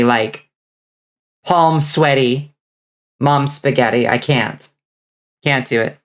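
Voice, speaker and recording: A woman streamer chatting casually with her viewers, joking, laughing often and answering chat. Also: extremely low pitch. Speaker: vtuber streamer.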